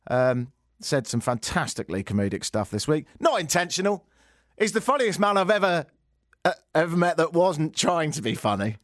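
Sarcastic British radio host, very lively. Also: male voice, fairly high pitch, normal speed, dry recording, clean studio sound. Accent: British English. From Britain. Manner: sarcastic, animated, mock-outraged rants. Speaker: radio talk show host. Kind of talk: comedic radio monologue. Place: radio studio. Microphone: studio microphone.

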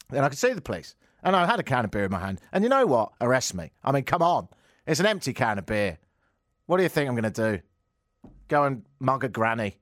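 A man's voice: medium pitch, very animated, fast, no echo, clean studio sound. A man telling a comic story, sardonic and given to ranting outbursts. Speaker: comedian. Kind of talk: stand-up anecdote.

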